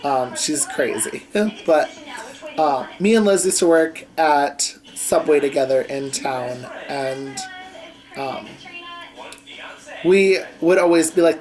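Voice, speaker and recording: A man's voice: a little high, darkish tone, poor audio. A young man telling a personal story at home in a vlog, rambling with many fillers and asides. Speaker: vlogger. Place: home bedroom with a TV on.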